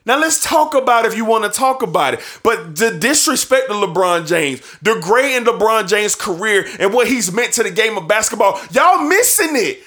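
A man's voice: sits high, big pitch swings, moderate pace, few pauses, fairly bright tone. A man hosting a sports show, ranting emphatically and repeating his points for effect, with bursts of laughter between points. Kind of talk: sports opinion rant.

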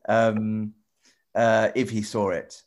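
A man presenter chatting with children in a casual video call, rambling and restarting often, gentle and encouraging. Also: on the low side, level tone, slow pace. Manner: rambling, stop-start, many repeated "you know". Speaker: TV presenter answering children's questions.

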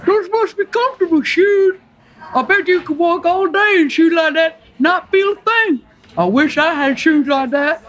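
Woman doing a gentle Southern man on a bench. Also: very high-pitched, normal speed, pitched above the performer's own voice. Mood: earnest.

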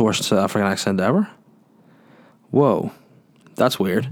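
A man's voice: on the low side, a little slow, a little mellow. A man hosting a solo podcast in a rambling, jokey, sweary casual chat. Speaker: podcast host.

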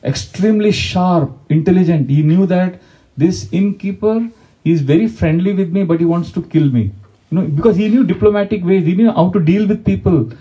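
A man's voice: high-pitched, warm tone, lo-fi sound. A man giving a devotional lecture, talking conversationally, asking his listeners questions and reciting Sanskrit verses. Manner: conversational, asks the audience questions. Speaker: spiritual teacher.

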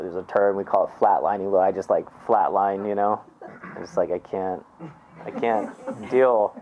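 Man, lowish voice, earnest casual storyteller, heavy on fillers; muffled lo-fi recording. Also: darkish tone. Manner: heartfelt, many "like" fillers, restarts. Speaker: storyteller recounting experiences.

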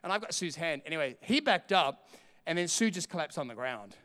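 Middle-aged male preacher, bright and clean, impassioned, in a reverberant hall. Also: a little high, very animated, fairly quick. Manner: impassioned preaching that swells to shouts between quieter storytelling. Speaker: pastor. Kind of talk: sermon.

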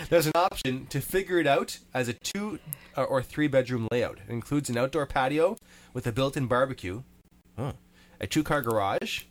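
A man's voice: medium pitch, expressive, normal speed. Chatty man hosting a talk show. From Canada. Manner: reads news items aloud, chatty and laughing. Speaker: radio show host. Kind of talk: casual studio chat.

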